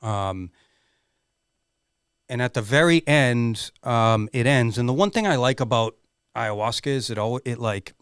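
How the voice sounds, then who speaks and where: A man's voice: medium pitch, animated, a little slow, long pauses, clean tone, no room sound, clean studio sound. A middle-aged man speaking as a podcast guest, telling a candid personal story in an earnest, emotional way and swearing freely.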